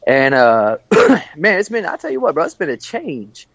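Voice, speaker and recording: A man's voice: on the high side, huge pitch swings, moderate pace, fairly bright tone, no echo, muffled recording. A man, a podcast co-host and army veteran, talking reflectively in casual chat, earnest and using words like bro and man.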